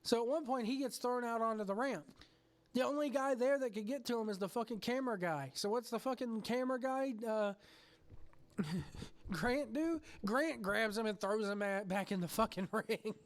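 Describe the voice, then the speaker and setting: A man's voice: very high voice, normal speed. A man hosting a podcast, telling a story with lots of swearing. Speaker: podcast host. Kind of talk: casual chat.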